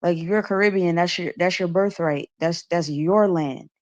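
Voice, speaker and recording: A woman's voice: on the low side, moderate pace, lo-fi sound. A woman talking casually on a podcast, sharing opinions in a conversational way. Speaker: podcast co-host. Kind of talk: casual chat.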